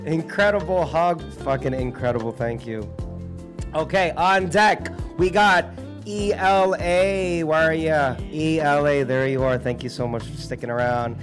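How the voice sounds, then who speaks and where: A man hosting an indoor open mic, energetic and casual, hollering for applause between acts. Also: fairly high pitch.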